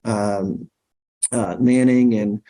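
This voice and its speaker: A man's voice: on the low side, fairly even intonation, drawn-out words, mellow. A middle-aged man, a podcast guest, tells long anecdotes in casual conversation, full of fillers and restarts. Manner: rambling anecdotes with many fillers.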